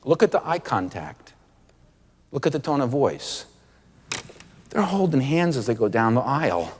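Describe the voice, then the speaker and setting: A man preaching a sermon with animated delivery, acting out quoted voices and drawing out key words. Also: medium pitch, a little slow, breathy edge, long reverb tail.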